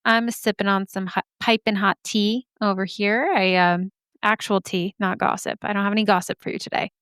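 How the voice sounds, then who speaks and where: A woman's voice: mid-range voice, flat delivery, moderate pace, a bit bright, smooth, no echo. Bubbly woman in her thirties, podcast host, chatty, a touch scratchy, dry close mic. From Arizona. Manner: bubbly, chatty, laughs often. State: slightly scratchy throat. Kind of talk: casual chat. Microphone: studio microphone.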